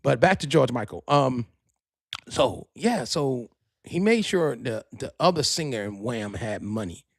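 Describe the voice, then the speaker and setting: A man hosting a podcast in a casual monologue, animated and profane, full of street slang. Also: mid-range voice, unhurried, vocal fry, no room sound, clean studio sound. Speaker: podcast host and DJ.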